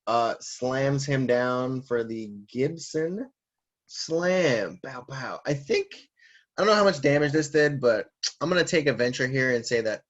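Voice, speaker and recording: A man co-hosting a casual chat, animated, laughing often and swearing casually. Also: mid-range voice, moderate pace, lo-fi sound. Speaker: co-host.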